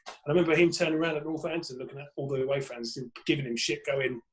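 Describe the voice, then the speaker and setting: A middle-aged English comedian, a podcast guest, telling lively stories and acting out voices. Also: male voice, a little high, very fast, a little hiss or hum. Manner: lively, acts out voices and laughs mid-story. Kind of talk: animated storytelling.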